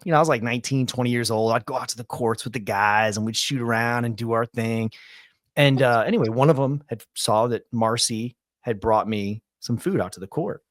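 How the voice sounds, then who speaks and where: A man in his forties hosting a podcast, telling a long story in a rambling, animated, casual way. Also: mid-range voice, fairly quick, dry recording, clean studio sound. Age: 40s. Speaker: podcast host.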